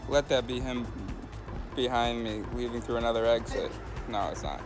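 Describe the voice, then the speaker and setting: A man talking casually to camera as a hitchhiking vlogger, rambling and thinking aloud with many pauses. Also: medium pitch, fairly even intonation, over music. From United States. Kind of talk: casual vlog talk to camera.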